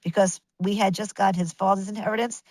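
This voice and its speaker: A woman in her fifties, a guest telling a long personal tale in a lively, chatty rush, full of restarts and little acted-out quotes. The sound is close and dry, with no room around her. Her pitch sits in an ordinary middle range. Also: brisk, no echo, poor audio. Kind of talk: casual storytelling interview.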